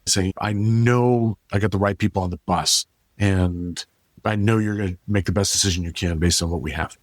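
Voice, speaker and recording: Low-voiced man, reflective and halting. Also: no echo. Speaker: podcast co-host. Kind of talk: casual chat.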